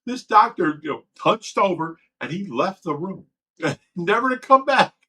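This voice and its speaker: A man's voice: high-pitched, very animated, unhurried, bright, forceful tone, breathy edge, poor audio. A livestream host talking candidly and emotionally, rambling and swearing as he tells a personal story. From Ohio.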